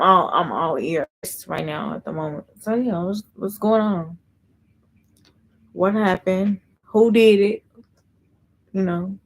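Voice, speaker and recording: Low, gravelly woman chatting on a live stream. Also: low-quality recording. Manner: chatty, reads and answers viewer comments. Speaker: livestream host. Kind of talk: casual livestream chat.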